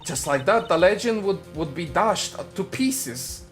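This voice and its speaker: Here a man uses a high, animated voice and an affected Russian accent to portray a female card dealer who is scheming. The fan voice-over for a game is slow, sly, and boastful, and music plays faintly behind it.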